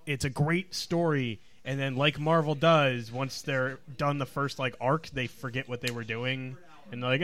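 A man's voice: medium pitch, steady tone, moderate pace, a bit bright. A man co-hosting a comedy podcast, talking in a wry, sarcastic way. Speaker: podcast co-host. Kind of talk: casual chat.

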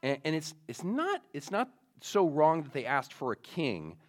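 A man's voice: a little high, huge pitch swings, measured pace. A male pastor preaching a sermon in a casual storytelling way, with many fillers, speaking to young listeners.

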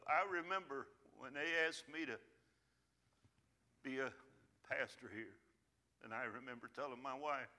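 A middle-aged man preaching a sermon as pastor, folksy and repetitive, swinging from hushed pleading to loud emphatic lines. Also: medium pitch, unhurried, pauses often. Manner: folksy, repeats phrases for emphasis.

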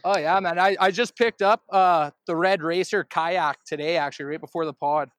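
High-voiced young man telling stories. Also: fairly even intonation, moderate pace, a bit bright, dry recording. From Canada. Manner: rambling storyteller, many restarts and swearing. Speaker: podcast co-host. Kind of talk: casual chat.

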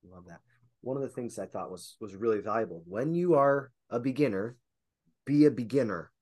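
A man's voice: medium pitch, normal speed, darkish tone. A man hosting a casual interview, summing up his guest's points in his own words. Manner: summarizes and recaps the guest's points. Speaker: podcast host.

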